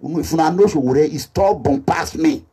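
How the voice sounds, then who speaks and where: A man with a Nigerian accent making an impassioned social media appeal as a political activist, animated and repetitive, slipping into Pidgin English. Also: a little high, normal speed, slightly rough. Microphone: phone or camera selfie video.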